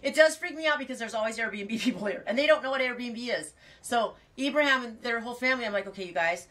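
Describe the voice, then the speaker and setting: A woman's voice: fairly high pitch, fast talker, fairly bright tone, recorded from a distance, poor audio. Rambling chatty woman, a bit off-mic. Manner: rambling, many restarts and asides. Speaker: farmer and fiber podcast host. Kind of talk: casual chat to live viewers.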